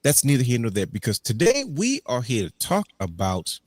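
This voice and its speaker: Husky-voiced hype man hosting a podcast. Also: mid-range voice, huge pitch swings, normal speed, no echo, studio quality. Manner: hype-man show intro, sing-song announcing. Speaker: podcast host. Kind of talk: casual wrestling podcast chat.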